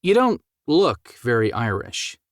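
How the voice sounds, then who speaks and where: Guy doing a brisk young woman, bit flustered, lively up-and-down voice, dry studio sound. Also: dry recording. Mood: chatty. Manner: lightly raised pitch, quick and animated. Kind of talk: audiobook character voice.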